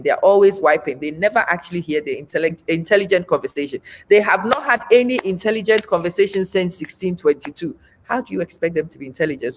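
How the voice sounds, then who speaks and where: A woman in her forties hosting a live stream, speaking bluntly and emphatically, repeating her points for effect. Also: fairly low pitch. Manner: blunt, frank. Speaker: host. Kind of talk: live-stream talk, reading viewer comments.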